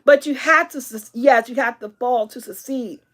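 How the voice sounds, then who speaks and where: Emphatic middle-aged woman vlogger, high-pitched. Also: moderate pace. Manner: preachy, emphatic, repeats lines. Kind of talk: casual motivational talk.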